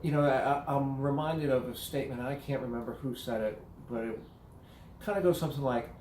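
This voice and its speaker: A man's voice: medium pitch, a little fast, darkish tone, roomy sound, slight background noise, low-quality recording. A man interviewing a guest in a casual conversation, thoughtful and hesitant, restarting his sentences.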